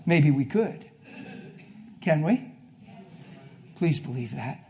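A preacher giving a sermon to a congregation, telling a personal story, going from hushed to loud. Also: male voice, on the high side, lively intonation, slow pace, slight background noise. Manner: emphatic, swings from hushed to loud. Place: before a live congregation.

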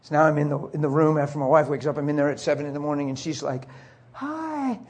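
A middle-aged man preaching a sermon as a story, acting out the voices and swinging from soft whispers to high cries. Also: little pitch movement, very fast.

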